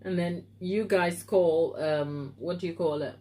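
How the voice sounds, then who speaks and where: An African woman with a lowish, mellow voice and fairly even intonation talks unhurriedly during a live baking stream in her home kitchen. She casually reads viewer comments and playfully teases them by name.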